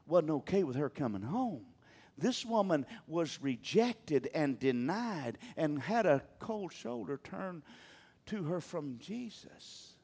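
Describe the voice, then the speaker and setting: A man's voice: fairly high pitch, a little mellow, breathy edge. A man preaching a sermon, talking emphatically and calling on the congregation to answer him. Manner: emphatic, calls on the congregation to respond.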